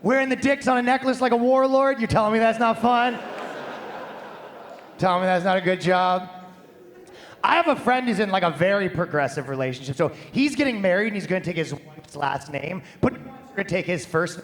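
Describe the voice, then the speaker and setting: Brash high-voiced male stand-up comic. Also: lively intonation, fairly quick, a bit bright. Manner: brash, crude, conversational. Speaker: stand-up comedian. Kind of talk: stand-up comedy set. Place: live event stage. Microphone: handheld microphone.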